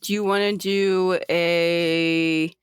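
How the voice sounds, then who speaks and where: A woman runs a casual tabletop game as game master, in an unhurried, laid-back way. The sound is dry and close to the mic. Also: lowish voice, fairly even intonation, clear, resonant tone, dry recording.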